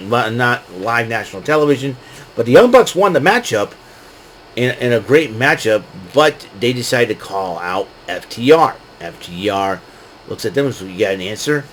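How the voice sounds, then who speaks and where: A man's voice: mid-range voice, a bit bright, slight background noise, poor audio. Rambling man recapping wrestling. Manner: rambling, laughs often, hesitant fillers. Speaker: podcast host recapping wrestling. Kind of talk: casual recap.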